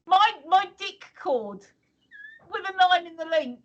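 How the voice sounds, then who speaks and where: A woman's voice: extremely high pitch, expressive, unhurried, muffled recording, very noisy. A woman in her fifties or sixties co-hosting a casual livestream, teasing and laughing as she chats. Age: 50s or 60s. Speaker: stream co-host.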